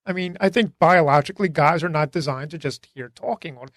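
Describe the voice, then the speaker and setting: A man co-hosting a podcast in casual banter, explaining things in a folksy, drawn-out way that trails into low mutters. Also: a bit bright, dry recording, clean studio sound. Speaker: podcast co-host.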